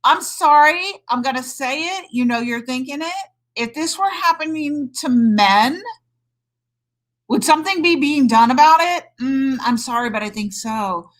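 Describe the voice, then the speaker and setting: A woman's voice: high-pitched, animated, moderate pace, poor audio. A middle-aged woman doctor and hormone coach talking emphatically on a live stream, greeting viewers and saying "friggin'" a lot.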